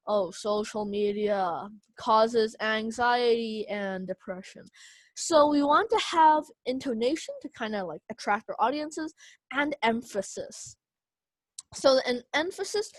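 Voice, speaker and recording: A woman's voice: a little high, no room sound. A young woman teaching an online speech class, casual with many fillers. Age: young adult.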